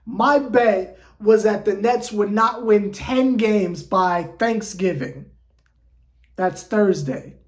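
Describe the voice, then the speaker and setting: A woman's voice: mid-range voice, takes it slowly, reverberant. A woman sports fan vlogger ranting in an exasperated, theatrical way, with lots of rhetorical questions. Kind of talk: fan reaction rant.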